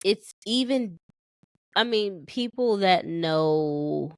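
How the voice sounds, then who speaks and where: Female podcast co-host, lower voice, rambling chatty delivery, dry close sound. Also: expressive, very slow, darkish tone, smooth, no echo. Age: young adult to middle-aged, a mother. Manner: meandering, many restarts and fillers. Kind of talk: casual podcast chat.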